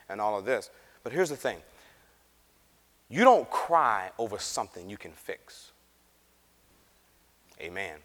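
A man teaching a Bible class, animated and acting out the scripture characters as he reads. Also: on the low side, normal speed. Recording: reverberant room.

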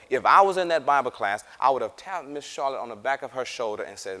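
A man teaching a Bible class, animated and acting out the scripture characters as he reads. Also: mid-range voice, brisk, few pauses. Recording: reverberant room.

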